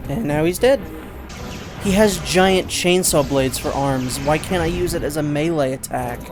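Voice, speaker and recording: Game music plays while a man narrates his let's play at a measured pace, his voice on the high side and his commentary sarcastic and exasperated.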